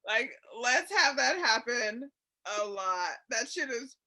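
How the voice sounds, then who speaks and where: A woman's voice: a little high, expressive, takes it slowly, bright, forceful tone. A woman co-hosting a casual comedy podcast, laughing easily and making dry asides. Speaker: podcast co-host. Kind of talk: casual chat.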